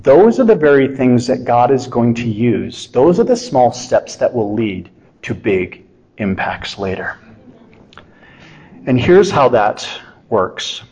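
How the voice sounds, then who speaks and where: A man's voice: medium pitch, slow, breathy edge, low-quality recording. Conversational man preaching a sermon. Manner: conversational, animated preaching with self-deprecating humor. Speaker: pastor.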